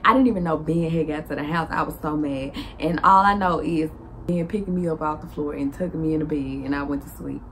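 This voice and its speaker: A young woman with a Southern US accent telling a lively storytime to her vlog viewers, laughing and acting out the dialogue with big jumps in pitch. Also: a little fast, faint music behind. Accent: Southern US (Memphis). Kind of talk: animated storytime monologue.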